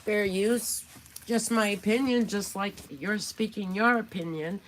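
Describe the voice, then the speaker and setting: A woman's voice: medium pitch, normal speed, a bit bright, a little hiss or hum. A woman hosting a casual commentary vlog, talking in a chatty, indignant, gossipy way. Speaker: commentary channel host.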